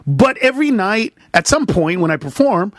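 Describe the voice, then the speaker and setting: A man talking as a comedian guest in a casual podcast conversation, telling animated stories and acting out voices. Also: high voice, moderate pace, no echo, studio quality. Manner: animated storyteller, acts out voices and shouts.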